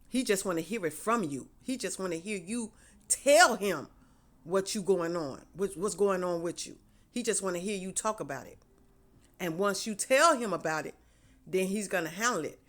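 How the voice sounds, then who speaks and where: A woman with a mid-range, slightly bright voice talks informally to her audience as a faith vlogger. Her message is to trust God, and she repeats her main lines in a sermon-like yet chatty manner.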